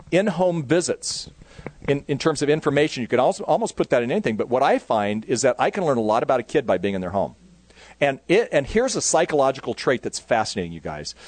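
A man's voice: medium pitch, a little mellow, dry recording. A man speaking casually to youth workers at a conference, rambling with lots of fillers.

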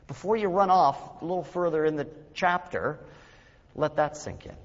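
A man preaching a sermon, swinging between dramatic rises and hushed, quiet drops. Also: high voice. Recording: dull lo-fi recording with long hall reverb.

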